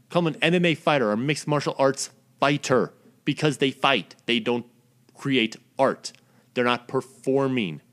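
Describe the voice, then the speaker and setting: A man delivering a profane, blunt, exasperated ranting monologue as the host of his own recording. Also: medium pitch.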